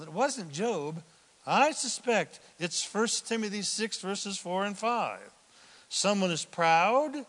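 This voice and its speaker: A man preaching a sermon as pastor, animated, dropping to hushed mock voices for quotes. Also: high voice. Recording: long hall reverb.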